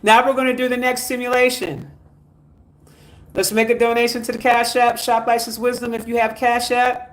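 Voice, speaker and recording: A man's voice: extremely high pitch, level tone, moderate pace, fairly bright tone. A man hosting a spiritual livestream, reading out viewer comments and urging people to like, share and donate. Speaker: spiritual teacher.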